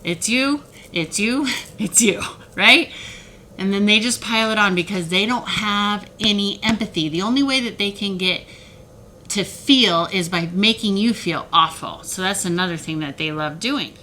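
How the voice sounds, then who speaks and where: A woman speaks straight to camera in a heated, animated way, her voice bright and forceful. She often slips into mocking imitations of other people. A faint hiss sits under her voice. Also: medium pitch, moderate pace, rough recording. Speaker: self-help video creator. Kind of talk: emotional direct-to-camera talk.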